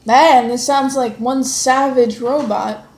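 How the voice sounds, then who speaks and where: A woman chatting casually with her child at home, encouraging and gently coaxing in a motherly way. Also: high-pitched, steady tone, slow. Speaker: mother homeschooling her son. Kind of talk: casual family chat. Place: home, at the breakfast table. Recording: echoey room with faint background noise.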